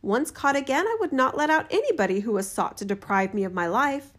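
A woman's voice: expressive, a bit bright. Woman reading as a fearless clever young student. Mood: bold. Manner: brisk, higher, fearless. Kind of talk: storybook reading.

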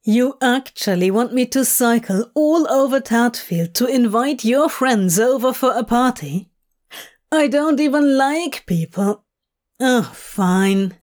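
A woman's voice: a little high, darkish tone. A woman voicing a sly, sardonic young man in a fan fiction audiobook reading, drawling and exasperated as she reads.

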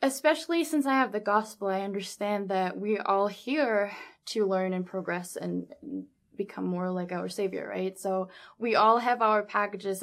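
A young adult woman recounting a personal story in a casual interview, animated, with lots of fillers and quoted dialogue. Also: medium pitch. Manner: animated, laughs often, many fillers like 'um' and 'like'; acts out quoted dialogue in her own voice. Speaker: guest telling her story.

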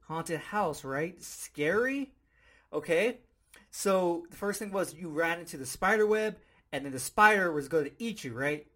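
A man hosting a podcast, teaching in a casual, playful way and telling an animated story with frequent chuckles. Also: a little high. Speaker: podcast host.

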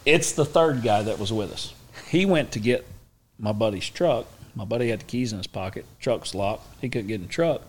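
A man's voice: lowish voice, expressive, normal speed, slight background noise. A middle-aged man with a Southern Oklahoma accent, an interview guest telling a story in a folksy, self-mocking way. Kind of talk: casual storytelling.

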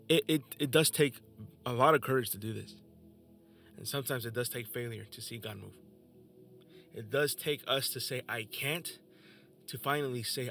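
A man's voice: mid-range voice, gravelly, pushed and bright. A young man hosting a podcast, telling his personal faith testimony in an emotional, earnest way. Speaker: podcast host.

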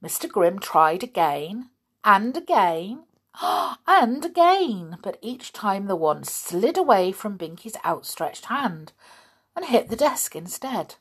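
Slow gentle woman storyteller. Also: medium pitch, animated, slightly rough. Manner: gentle, chatty, talks to listeners directly. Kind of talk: reading a children's story aloud.

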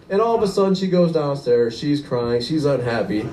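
A man's voice: a little high, lively intonation, moderate pace, a little mellow, roomy sound, far from the mic, slight background noise, rough recording. Rambling young male stand-up comic. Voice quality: rambling, laughs at his own jokes. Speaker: stand-up comedian. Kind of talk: stand-up comedy set.

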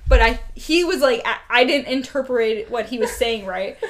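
A young woman with a high voice co-hosts a casual podcast chat. She tells stories animatedly, filling them with "like" and laughter. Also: normal speed. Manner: animated storytelling, full of "like" and laughter. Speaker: podcast co-host.

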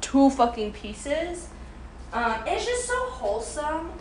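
In her home kitchen, a young vlogger fixes breakfast and rambles through a storytime that's chatty, crude and self-mocking. She has a high voice with big pitch swings, speaks slowly, and there's a faint hiss or hum.

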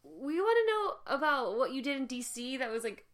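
A woman's voice: sits high, sing-song, fairly quick. A young woman in a casual chat, teasing her co-host and laughing often.

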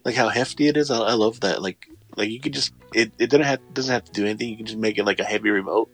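A man's voice: fairly low pitch, fast talker, vocal fry, fairly bright tone, slightly rough, soft background music. A man talking casually about gaming gear, rambling, repeating himself and restarting often. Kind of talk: casual chat.

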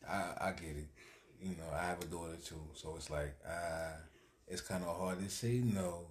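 A laid-back man talking casually as a podcast co-host, relaxed and quick to laugh. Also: sits low, roomy sound. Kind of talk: casual chat.

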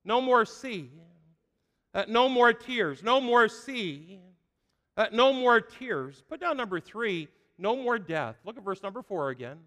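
Middle-aged male pastor, high and clear voice, emphatic repetitive sermon delivery, long reverb from a church hall. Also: lively intonation, unhurried, sharp tone. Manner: emphatic preaching, repeats key phrases, frequent "uh" fillers.

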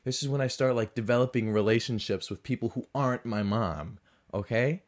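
A man's voice: medium pitch, fairly quick. A man with a mix of Southern US and Boston accent, hosting a podcast in a rambling, self-mocking storytelling style. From American South and New England. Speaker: podcast host. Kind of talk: casual storytelling monologue.

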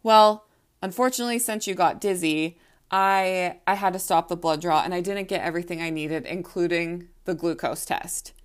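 A woman quoting a hurried, flustered young male lab worker in her own lowish voice. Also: fairly even intonation, close to an everyday voice. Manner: rushed, flustered.

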